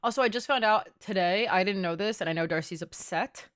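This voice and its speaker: A woman's voice: mid-range voice, fairly quick, smooth. A young woman streaming from home, chatting playfully with her viewers and swearing casually. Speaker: game streamer. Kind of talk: casual live-stream chat.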